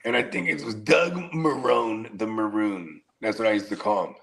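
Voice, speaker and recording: A man co-hosting a fantasy football podcast in casual chat, slangy and animated, laughing through his own stories. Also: fairly low pitch, moderate pace, creaky. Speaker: podcast co-host.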